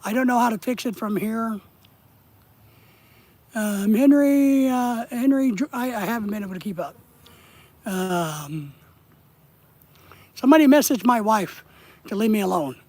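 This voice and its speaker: A man with a husky voice chatting casually with his viewers on a live stream while he fishes outdoors. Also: high voice, normal speed, long pauses, darkish tone, no room sound. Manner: rambling, chatty, addresses viewers in chat. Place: outdoors, fishing.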